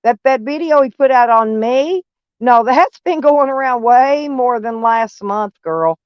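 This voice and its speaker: Woman vlogger, blunt drawl, smooth voice, close dry lo-fi recording. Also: on the high side, lively intonation, a little slow, no room sound. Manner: blunt, drawling, repeats herself. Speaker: van life vlogger. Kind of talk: casual live-stream chat. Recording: dull lo-fi sound.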